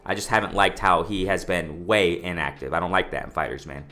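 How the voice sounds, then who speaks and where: A man giving a casual boxing commentary vlog, excited and repetitive, often calling out to "ladies and gentlemen" and restarting his sentences. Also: deep voice, brisk.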